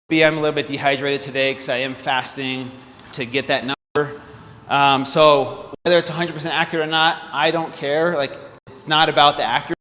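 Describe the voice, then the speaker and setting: A man around forty, a fitness vlogger, talking to viewers in a halting, earnest livestream chat full of fillers and restarts, holding back tears. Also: a little high, sharp tone, long reverb tail, a little hiss or hum. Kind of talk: casual livestream talk to viewers.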